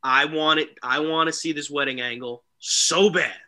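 A man co-hosting a casual wrestling talk show, excitable and animated, often mimicking people. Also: a little high, normal speed. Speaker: podcast co-host.

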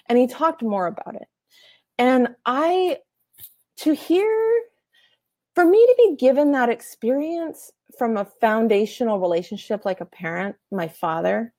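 A woman's voice: a little high, no room sound, clean studio sound. Earnest woman telling a personal story. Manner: earnest, animated, laughs often, acts out quoted voices. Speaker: author and coach.

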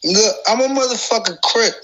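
A woman's voice: fairly high pitch, normal speed, dull audio, a crowd in the background. A woman rambling in casual chat, crude and boastful, laughing constantly between lines.

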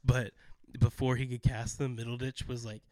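A man in casual chat about a favorite sitcom, excitable, often acting out quotes. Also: mid-range voice, normal speed, no echo. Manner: excitable, acts out quotes with laughs.

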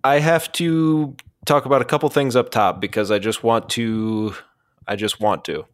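A man co-hosting a casual comedy podcast, talking in a deadpan, earnest way. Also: medium pitch, normal speed, clear, resonant tone, dry recording, studio quality. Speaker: podcast co-host.

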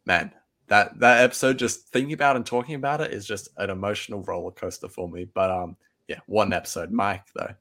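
A man's voice: on the low side, brisk, a bit bright. A man co-hosting a podcast, chatting casually and enthusiastically, often agreeing and laughing. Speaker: podcast co-host. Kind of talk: casual fan chat.

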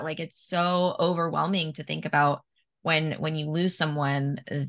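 Woman host, low-pitched, bright tone, candid and emphatic, casual swearing. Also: level tone, normal speed. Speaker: podcast host. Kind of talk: casual conversation.

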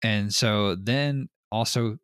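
A man hosting a podcast in casual chat, telling stories in an animated way, laughing often and swearing casually. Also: fairly low pitch, takes it slowly, clean tone, dry recording, studio quality. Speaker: podcast host.

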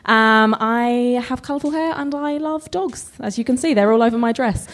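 A woman's voice: a little high, normal speed. A woman with a British accent, a guest on a live podcast, talking easily with dry humor and casual swearing. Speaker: guest, body image advocate. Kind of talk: casual chat on stage.

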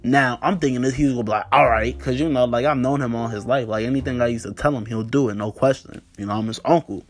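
A man's voice: mid-range voice, fairly even intonation, quick pace, faint music behind. Rambling, profane young man podcaster. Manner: rambling, profane, full of "like" and "you know". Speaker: podcast host. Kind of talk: casual storytelling monologue.

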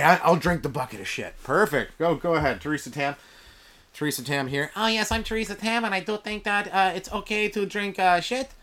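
Male comic host, sarcastic rambling monologue, slightly high lively voice. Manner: rambling, sarcastic, mumbles asides. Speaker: podcast host. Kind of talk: stand-up comedy monologue.

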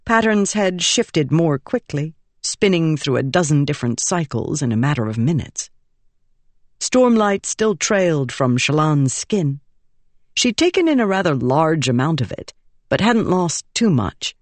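A woman's voice: deep voice, very animated, measured pace, no room sound. Woman narrating an audiobook, close and dry. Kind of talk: scripted fantasy narration.

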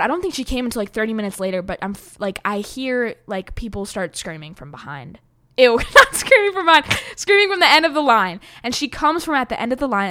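A young woman tells a personal story in a loose, rambling vlog style. She fills her sentences with "like" and the odd swear word. Her voice sits at an ordinary middle pitch and jumps up when she gets excited. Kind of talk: casual storytelling.

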